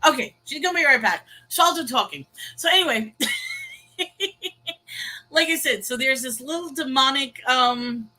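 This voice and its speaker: Bright, animated woman co-hosting a chat. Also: high voice, a little fast, few pauses, faint music behind, rough recording. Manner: animated storytelling, chatty. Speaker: co-host. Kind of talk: casual online chat.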